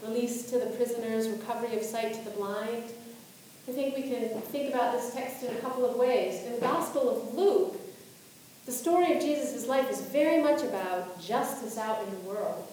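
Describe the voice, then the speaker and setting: A woman's voice: fairly high pitch, normal speed, mellow, a little hiss or hum. A woman pastor giving a sermon, asking reflective questions and reading scripture aloud. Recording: echoey room, voice from a distance.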